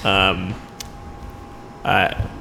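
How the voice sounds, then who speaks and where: Gravelly-voiced young man, casual podcast chat. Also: deep voice, monotone, extremely slow, sharp tone, long reverb tail, a little hiss or hum, poor audio. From New York. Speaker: podcast co-host. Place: rented apartment room.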